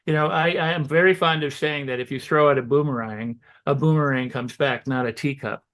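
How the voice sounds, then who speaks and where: A guest on a holistic health show, a man with a mid-range voice, offers motivational self-help advice. He talks loosely with restarts and "you know," acting out excited self-talk in quick quoted asides.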